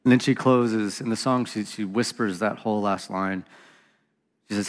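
A man's voice: lowish voice, fairly even intonation, normal speed, big-room sound. A man hosting a reflective Bible study talk, reading scripture passages aloud in an earnest voice with casual asides. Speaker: podcast host teaching on scripture.

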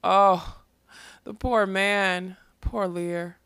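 A woman's voice: mid-range voice, fairly even intonation, drawn-out words, a bit bright, clear, resonant tone, no room sound, clean studio sound. A woman voicing a spirited, fierce, secretive woman in a storybook reading, defiant and impassioned. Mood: tender pity.

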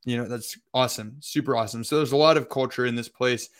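A man's voice: medium pitch, steady tone, fast. A young man co-hosting a podcast, telling a travel story in a loose, rambling way with lots of filler words. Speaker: podcast co-host. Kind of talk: casual storytelling.

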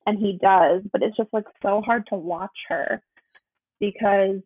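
A woman's voice: mid-range voice, fairly even intonation, a little slow, breathy edge, no echo. A woman in casual film talk, animatedly retelling scenes and acting out the lines. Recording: tinny phone-like line.

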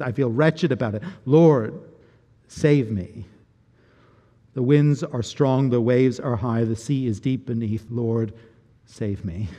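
A man's voice: medium pitch, a little mellow. Earnest male preacher in a reverberant hall. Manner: earnest, reflective preaching with frequent repetition. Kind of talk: sermon. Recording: long reverb of a large hall.

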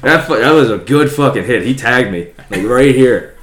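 Young man, casual storyteller, heavy swearing, frequent laughs, mid-pitched, roomy echo. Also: lively intonation, normal speed, fairly bright tone. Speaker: podcast co-host telling a story.

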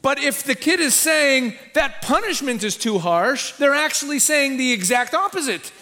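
A man with a high-pitched voice preaches a sermon as a visiting rabbi. He teaches with animated emphasis and acts out the voices he quotes. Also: normal speed.

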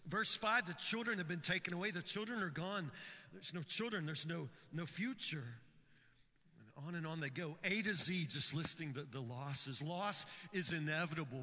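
A man's voice: fairly high pitch, moderate pace, pushed and bright, in a large hall. A man preaching a sermon, telling stories with frequent stammered restarts. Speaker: pastor.

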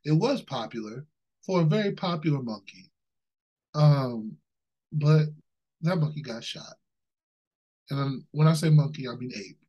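A man's voice: on the high side, unhurried, long pauses, breathy edge, highs cut off. A man co-hosting a podcast, ranting in casual chat with plenty of swearing and laughter. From Ohio, USA. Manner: animated, ranting, laughs often, swears freely. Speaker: podcast co-host.

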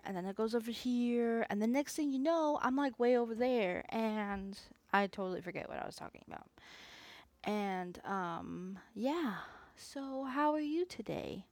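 On the high side and a little mellow, this woman's voice carries her unscripted solo podcast with no echo. As host she rambles in a chatty, self-aware way, frequently going off on asides and restarting.

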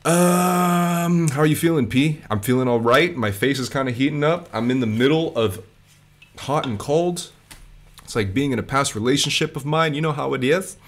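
A man's voice: medium pitch, a little fast. A man hosting a casual chat, laid-back and jokey, dropping slang as he talks to his guest. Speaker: podcast host.

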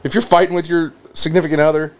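A man's voice: fairly high pitch, flat delivery, fast talker. A man in casual podcast conversation who is easygoing and mocks himself. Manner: easygoing, self-mocking. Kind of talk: casual crude banter.

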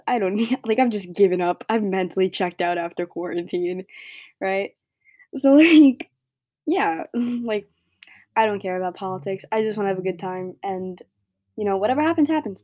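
Teen girl podcaster, blunt rambling rant, warm voice, dry close sound. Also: medium pitch, no room sound. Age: teens. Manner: blunt, rambling, heavy filler words. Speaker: podcast host. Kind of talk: solo opinion rant.

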